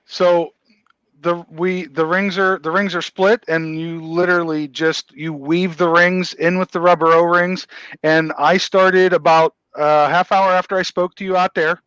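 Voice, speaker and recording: A man's voice: high-pitched, level tone, unhurried, a bit bright, smooth, dry recording, lo-fi sound. A man who works as a craftsman, talking as a guest and plainly explaining how he makes his work. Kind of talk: casual explanation.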